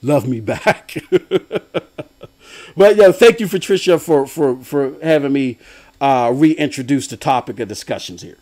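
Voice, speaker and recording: A young man hosting a gaming live stream, ranting loudly and laughing often as he swings between shouts and low mumbles. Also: expressive, unhurried, long pauses. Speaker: game streamer and podcast host.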